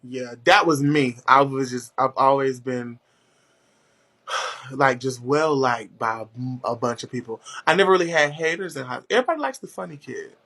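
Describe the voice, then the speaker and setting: A man holding forth in a relaxed conversation, his voice bright and forward. He tells stories with a steady stream of swearing and swings high in pitch when he gets worked up. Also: moderate pace. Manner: profane, animated storytelling with big pitch swings. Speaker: host. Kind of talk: casual chat.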